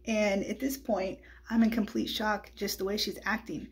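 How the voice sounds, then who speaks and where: A woman's voice: medium pitch, normal speed, few pauses, slightly rough. A woman giving a personal Christian testimony in a candid, conversational way, often tossing in "like" and "right?".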